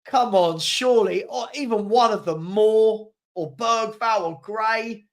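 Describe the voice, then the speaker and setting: A man with a high voice hosts a live football watchalong at an unhurried pace. He reacts to the match and answers viewers' chat, chuckling frequently.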